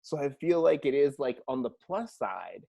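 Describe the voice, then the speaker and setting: A young man hosting a podcast, chatting casually and telling stories in an animated way, laughing and swearing freely. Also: medium pitch, normal speed, gravelly, husky. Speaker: podcast host. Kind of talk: casual chat.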